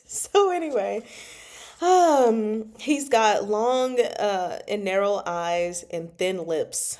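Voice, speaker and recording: A woman's voice: medium pitch, lively intonation, slow, long pauses, a little mellow. A young adult woman hosting a casual book chat, playful and laughing often as she reacts to a novel. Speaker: book club host reading and reacting.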